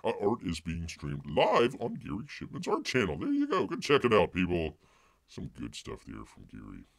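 A man hosts a casual live stream with a gravelly, fairly low voice. He rambles folksily, leans on filler words and calls himself by name. His pitch leaps around wildly, and the sound is close and dry. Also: wildly swooping pitch, normal speed, no echo. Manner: rambling, refers to himself in the third person.

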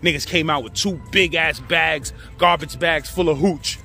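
A man with a New York accent telling prison stories in a casual, animated, slangy way. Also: fairly high pitch, normal speed, gravelly, faint music behind. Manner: animated, slangy, acts out the people in his story. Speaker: storyteller host.

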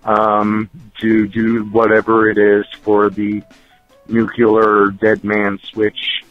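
A man's voice: lowish voice, completely flat delivery, slow, no room sound, narrow, tinny audio, faint music behind. A man caller leaving a rambling voicemail, hesitating often. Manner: hesitant, many "um"s.

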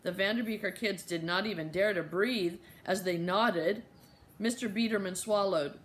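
A woman narrating a children's novel with lively, storytelling delivery. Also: medium pitch, normal speed. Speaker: audiobook narrator. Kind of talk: scripted narration.

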